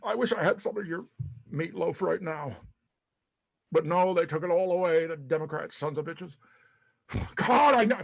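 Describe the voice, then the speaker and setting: A man's voice: fairly high pitch, moderate pace, vocal fry, pauses often, breathy edge. An actor playing a disgraced, paranoid older male ex-president in a dramatic monologue, profane and rambling, stammering over repeated words. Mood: self-pitying, bitter.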